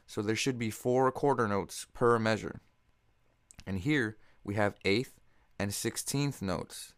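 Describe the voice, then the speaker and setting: A man narrating a scripted music theory lesson, explaining in a steady, measured way and counting beats aloud. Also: medium pitch, no echo, studio quality. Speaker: music teacher.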